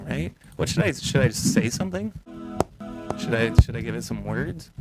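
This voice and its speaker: The host of this music-making video is a young man whose medium-pitched voice is expressive, with vocal fry, at a moderate pace. He's a producer, chatting casually and reading viewer comments as he works on a song.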